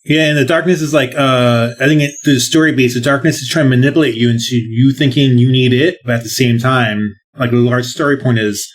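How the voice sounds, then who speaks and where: A man's voice: medium pitch, steady tone, fairly quick, hardly any pauses. A man co-hosting a game podcast, rambling and hesitant, with restarts and casual swearing. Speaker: podcast co-host. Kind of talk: casual game review chat.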